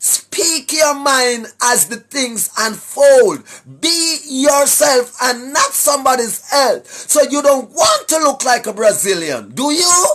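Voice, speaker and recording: A Jamaican man giving a preachy monologue to his viewers, emphatic, often shouting, tagging his points with questions. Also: extremely high pitch, big pitch swings, takes it slowly, hardly any pauses. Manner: emphatic, often shouting, tags lines with "right?". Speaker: online commentator.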